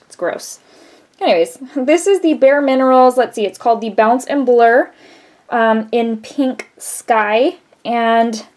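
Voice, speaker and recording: A woman's voice: fairly high pitch, darkish tone. A woman chatting casually on her vlog about makeup picks, rambling and laughing often. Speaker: beauty vlogger. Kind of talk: casual makeup haul chat.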